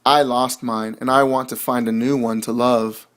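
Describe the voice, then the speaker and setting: A man's voice: medium pitch, flat delivery, moderate pace, lightly acted. A man voicing a lonely, timid little male bee who pleads to join a new family in a storybook. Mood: pleading.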